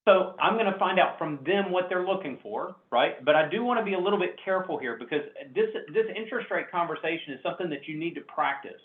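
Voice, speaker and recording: A man running a sales training class, animated and coaching, acting out customer exchanges over a video call. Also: high voice, fast, few pauses. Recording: echoey, tinny call audio.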